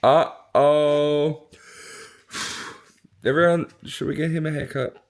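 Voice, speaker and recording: A woman's voice: very deep voice, lively intonation, moderate pace. A young mother, chatty and laughing often, cooing at her baby in a casual family vlog.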